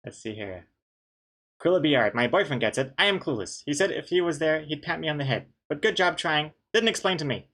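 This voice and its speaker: A man's voice: a little high, expressive, brisk, fairly bright tone. A man, a webcomic artist, chatting casually on a live stream, reading chat aloud with dry, joking banter and rambling restarts.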